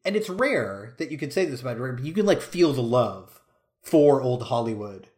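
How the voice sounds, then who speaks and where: A man's voice: mid-range voice, sing-song, moderate pace, darkish tone. A man co-hosting a podcast, chatting enthusiastically about films. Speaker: podcast co-host. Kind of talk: casual film discussion.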